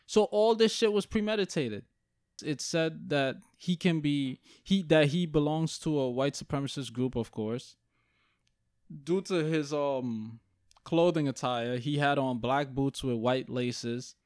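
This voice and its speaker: A young man with a slightly raised voice in casual, profane chat, ranting with real heat. He sounds close to the mic in a dry space with no room echo. His delivery is animated and blunt. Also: a little high, a little slow, smooth.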